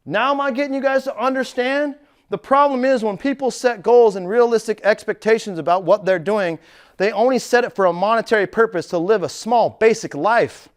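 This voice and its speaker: In a fairly quick casual motivational talk, a middle-aged real estate coach shares stories, drops curse words, and says "dude." His delivery ranges from hushed and confiding to loud and excited.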